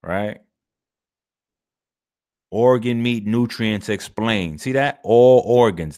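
A man's voice: on the low side, slow pace, long pauses, a little mellow. A man hosting a video, giving casual commentary on clips in an emphatic, slangy, profane way and repeating his phrases for effect. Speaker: video host.

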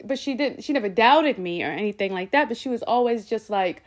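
A fairly high-voiced woman talks straight into the mic for her own podcast. Her delivery is loose and unscripted, with slang and cursing throughout. When she quotes other people, she briefly takes on their voices. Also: a little fast, hardly any pauses. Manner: candid, slangy and profane; animated, slips into voices when quoting people. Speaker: podcast host. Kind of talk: casual solo podcast monologue.

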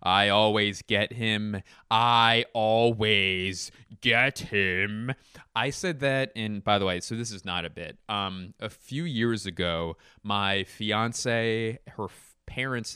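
Male comedy podcast host, rambling monologue, animated pitch, dry studio sound. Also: measured pace, clean tone, dry recording. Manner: rambling, self-interrupting, swears casually.

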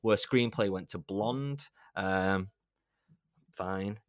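A man's voice: sits low, very slow, no echo, studio quality. A man co-hosting a film podcast, reading out award nominees with wry asides and chuckles. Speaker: podcast co-host. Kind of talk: casual film chat.

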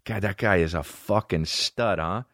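A man's voice: deep voice, unhurried, a bit bright, no room sound, studio quality. A man hosting a comedy podcast, ranting casually in a profane, rambling way and slipping into made-up dialogue. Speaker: podcast host.

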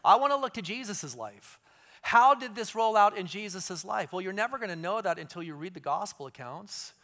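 A man preaching a sermon as pastor, conversational and animated, dropping to hushed tones for emphasis. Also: high-pitched, fairly quick.

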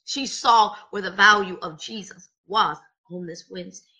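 A woman's voice: mid-range voice, moderate pace, sharp tone, breathy edge. A woman preacher delivering a sermon, emphatic and driving home point after point with repeated rhetorical questions.

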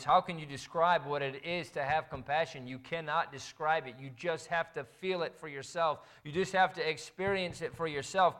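A man's voice: fairly high pitch, a bit bright. A middle-aged man preaching a sermon in a fervent, emphatic style. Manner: impassioned, building to fervent emphasis. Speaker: pastor.

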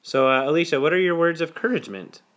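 A man's voice: a little high, animated, fast, a bit bright. A man hosting a podcast, chatting casually, laughing often and reading playful rhyming verse. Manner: giggly, reads playful rhymes. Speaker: podcast host.

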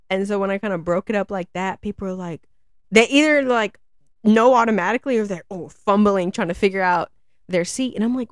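A woman's voice: a little high, measured pace, dry recording, studio quality. An American woman, a flight attendant, chatting casually and venting about passengers, often laughing and mimicking them. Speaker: podcast host, flight attendant. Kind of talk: casual chat, ranting.

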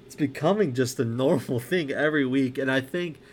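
A man's voice: mid-range voice, fairly quick, crowd noise. A man co-hosting a casual sports podcast who laughs easily and often trails off mid-sentence. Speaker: podcast co-host. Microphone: podcast microphone.

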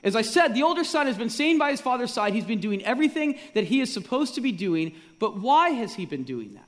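A man's voice: extremely high pitch, very animated, a little fast. A man preaching a sermon to his congregation, asking rhetorical questions and repeating key phrases for emphasis. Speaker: pastor. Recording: long reverb of a large hall.

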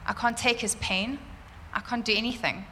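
A woman telling a church congregation a personal testimony, animated and fervent, laughing often. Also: a little high, normal speed, slight background noise. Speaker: church speaker sharing a testimony. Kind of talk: sermon testimony. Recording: roomy church hall reverb, faint ambience.

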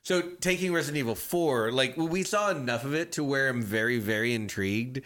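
Bright-voiced enthusiastic podcast co-host man. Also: medium pitch, brisk. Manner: enthusiastic, emphatic, swears. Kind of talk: casual podcast chat.

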